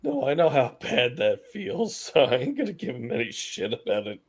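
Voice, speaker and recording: A man's voice: mid-range voice, wildly swooping pitch, moderate pace. A man co-hosting a casual livestream chat, laid-back and stammering on restarts.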